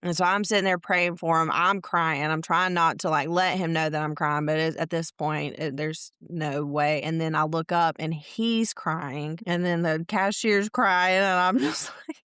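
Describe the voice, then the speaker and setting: Woman, podcast co-host; earnest storyteller, lowish smooth voice, dry close mic. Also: normal speed, a bit bright, no echo. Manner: earnest, acts out quotes of others. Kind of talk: storytelling in casual faith chat.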